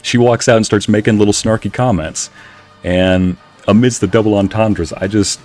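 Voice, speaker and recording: A man's voice: on the low side, fairly even intonation, moderate pace, darkish tone, faint music behind. A man streaming a game, telling a long rambling story with frequent laughs while muttering at the game. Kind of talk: casual chat while playing a game.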